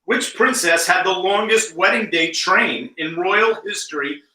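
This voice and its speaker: A man's voice: high-pitched, measured pace, bright, forceful tone. A man co-hosting a casual talk show, teasing his guests as he reads out multiple-choice trivia questions. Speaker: co-host running a trivia quiz. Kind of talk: casual chat, quiz questions. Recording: roomy sound, distant mic.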